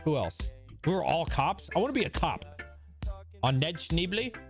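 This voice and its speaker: American male streamer, animated, higher-pitched, swears a lot, faint music behind. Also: normal speed. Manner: profane, laughing, acts out voices. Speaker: crypto streamer. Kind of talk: casual streaming chat.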